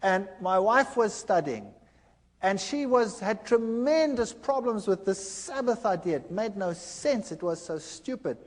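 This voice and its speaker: A middle-aged man giving a personal testimony, telling his story with animated, acted-out dialogue. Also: high-pitched, unhurried, in a large hall.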